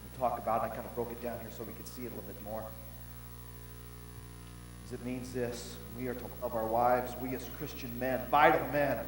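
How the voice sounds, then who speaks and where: An older male pastor preaching a sermon, telling stories with animated swings from shouts to hushed tones, recorded in a large pavilion. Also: mid-range voice, brisk, pauses often. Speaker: senior pastor. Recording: roomy hall with long reverb and faint hum.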